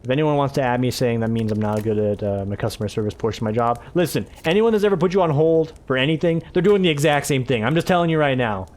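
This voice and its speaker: Talking fast with few pauses, the man has a mid-range, slightly mellow voice and lively intonation. He's a let's play host casually rambling through commentary on his own game, tripping over words and cursing in passing.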